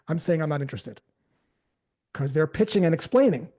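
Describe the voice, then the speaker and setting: A man's voice: fairly high pitch, animated, fairly quick, mellow. A man giving a live sales training talk, casually telling stories and acting out the conversations in them.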